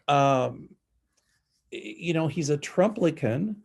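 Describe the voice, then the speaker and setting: A man's voice: mid-range voice, measured pace, a little mellow. A man from the South with a Southern American accent, a psychic talking through his predictions in a casual, opinionated monologue, chatty and scornful with many ums. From Southern United States.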